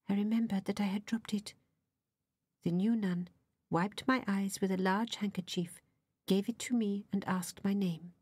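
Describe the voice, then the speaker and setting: A woman reading a novel aloud as an audiobook narrator, soft and often half-whispered. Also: medium pitch, fairly even intonation, measured pace, breathy edge, no room sound.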